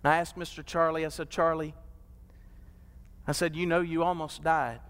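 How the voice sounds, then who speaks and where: A man's voice: little pitch movement, fairly bright tone, clean tone. Impassioned preacher man in a reverberant church. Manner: impassioned, swells to drawn-out high peaks. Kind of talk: sermon. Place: church sanctuary. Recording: long hall reverb.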